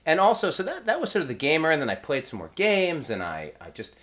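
A man who designs and reviews games, telling a rambling convention story in a casual vlog with excited restarts. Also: a little high, fast talker.

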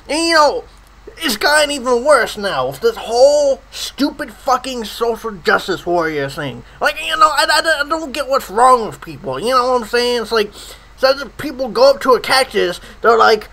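A man's voice: very high voice, bright, forceful tone, low-quality recording. A man in a profane comedic rant, swearing constantly and stammering over his words. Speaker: comedy ranter.

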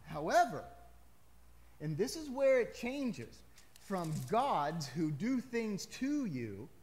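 Male pastor, somewhat high voice, conversational sermon with sudden emphatic lifts. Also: darkish tone. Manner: conversational preaching with emphatic rises and asides.

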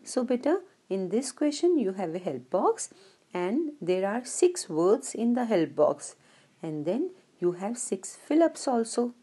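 A woman teaching a lesson to young children, speaking slowly, clearly and patiently. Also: a little high, big pitch swings, warm tone. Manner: slow, clear, patient, addresses children fondly. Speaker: English teacher.

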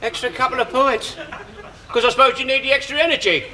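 An actor playing a hearty, joking young bus driver, laughing often, in a sitcom. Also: male voice, extremely high pitch, steady tone, fast talker, background noise. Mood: indignant.

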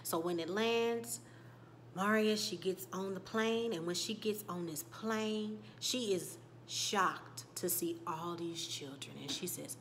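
Animated woman recapping a show. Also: on the low side, unhurried, a little hiss or hum. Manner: animated storytelling, swings between loud bursts and hushed whispers; emotional, reacts to scenes. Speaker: YouTube TV recap host. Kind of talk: casual episode recap.

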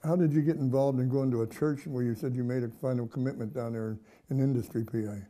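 A man's voice: medium pitch, fairly even intonation, fast, mellow. A man hosting an interview, prompting his guest with questions and stammering restarts. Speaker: host.

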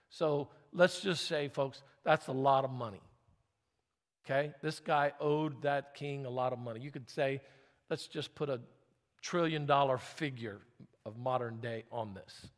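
A man's voice: mid-range voice, a little slow. Preaching man in a reverberant church. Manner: reads scripture aloud, then explains it with asides to the congregation. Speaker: pastor. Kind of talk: sermon. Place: church sanctuary.

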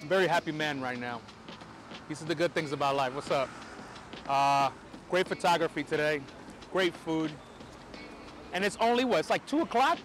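Excited New York man vlogging outdoors. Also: fairly high pitch, moderate pace, pauses often, music in the background. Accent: New York American. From New York, USA. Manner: excited, chatty, swears casually. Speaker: film photography vlogger. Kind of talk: casual vlog to camera. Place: outdoors on a city street.

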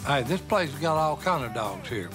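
A sing-song, highish voice at a moderate pace comes from an older man with a Southern US accent who appears on a reality show. He rambles in folksy banter, throws asides to the camera, and scolds his dog, with music in the background.

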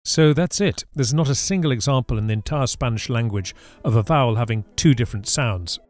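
A man's voice: medium pitch, animated, brisk, darkish tone, no room sound, soft background music. A man teaching Spanish in a scripted lesson, explaining patiently and saying each example word carefully. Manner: careful, patient explanation with clear model pronunciations. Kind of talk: scripted language lesson narration.

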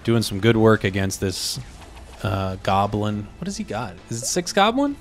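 A man's voice: lowish voice, big pitch swings, normal speed, faint music behind. A young man giving casual, chatty commentary over a game he is playing, often trailing off and muttering to himself as he moves pieces around.

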